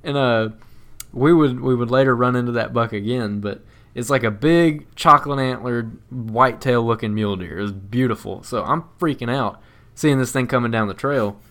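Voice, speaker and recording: A man co-hosting a podcast, telling a story in casual chat in a rambling, animated way with frequent laughs. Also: mid-range voice, moderate pace. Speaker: podcast co-host.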